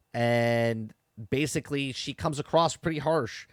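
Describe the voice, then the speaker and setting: A man who is a parent hosts a podcast where he casually recaps and reviews a TV episode, chatting away, repeating words, restarting and throwing in "okay?" and "right?" His medium-pitched voice is expressive at a normal speed. The studio-quality audio has no echo.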